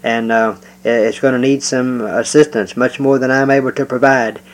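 Man teaching a psalm, measured, halting. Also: mid-range voice, steady tone, low-quality recording. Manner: measured, with frequent "uh" pauses. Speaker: preacher. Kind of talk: verse-by-verse Bible teaching.

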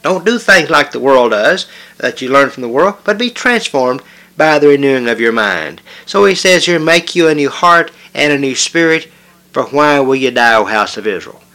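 A man's voice: fairly high pitch, expressive, normal speed, sharp tone. A man preaching a sermon, emphatic and repetitive, with frequent hesitations and restarts. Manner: emphatic, repetitive preaching with rising stress on key words.

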